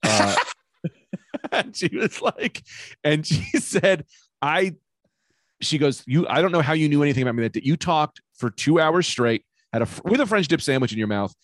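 A man chatting on a podcast, a loud, animated storyteller who swears freely. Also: fairly high pitch, normal speed, dry recording. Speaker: podcast guest, comedian. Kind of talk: casual chat.

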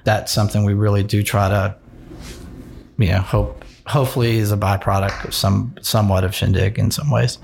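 A man, a fashion designer talking in a relaxed, rambling interview, with lots of restarts and "you know". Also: on the low side, normal speed, gravelly, slight background noise. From American South.

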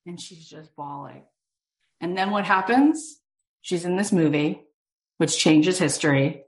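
Low-voiced woman telling an inspiring story. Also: measured pace. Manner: animated storytelling, acting out quotes. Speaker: host and coach.

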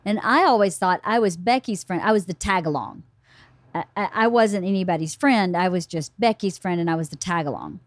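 A woman's voice: fairly low pitch, a little fast, no room sound. A middle-aged woman hosting a casual book club podcast, telling family stories in a chatty way. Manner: chatty storyteller, acts out family dialogue. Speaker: podcast host.

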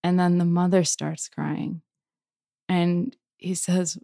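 A woman's voice: lowish voice, flat delivery, gravelly, mellow, dry recording, clean studio sound. A woman poet and author answering interview questions reflectively, searching for words as she goes. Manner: thoughtful, searching, halting restarts.

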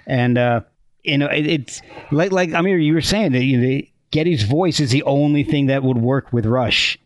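A man's voice: mid-range voice, moderate pace, dry recording, clean studio sound. A man, a musician guest on a video call, chatting casually and agreeably. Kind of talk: casual chat.

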